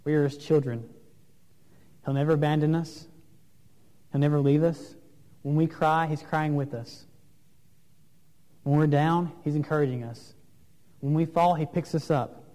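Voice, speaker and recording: Guy preaching in church, slightly high voice, earnest, lots of questions, reverby hall. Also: warm tone. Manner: earnest, questioning, with pauses and fillers. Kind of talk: sermon. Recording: long reverb of a large room.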